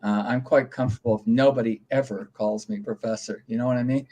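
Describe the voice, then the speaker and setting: A calm man talks as a guest in a casual interview, his pitch sitting in an ordinary middle range. He explains things in a measured, straightforward way. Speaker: guest, college professor.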